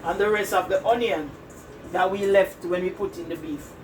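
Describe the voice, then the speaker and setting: A woman's voice: mid-range voice, moderate pace, music in the background, poor audio. A woman hosting a casual home cooking demonstration in a kitchen, chatting straight to her viewers and repeating herself as she goes. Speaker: cooking channel host.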